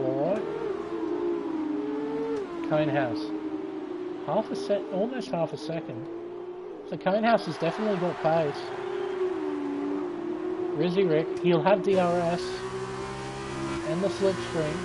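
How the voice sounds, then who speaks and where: A man giving casual commentary on a sim-racing league race, excitable and sleepy, swearing and laughing. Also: fairly high pitch, takes it slowly, long pauses. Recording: race car engine noise behind. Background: racing game car sounds.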